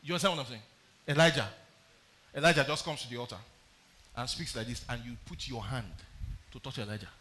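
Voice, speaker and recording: A pastor preaching a sermon, reading scripture aloud and explaining it, often putting questions to the congregation. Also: male voice, mid-range voice, quick pace, long pauses, bright, forceful tone. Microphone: streamed live sermon.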